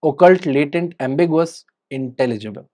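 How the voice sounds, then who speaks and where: Indian english guy reading vocab lists, kinda high voice, goes up on each word then down on the opposites. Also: animated, moderate pace, mellow. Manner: rising on each headword, falling on the opposites. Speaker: teacher.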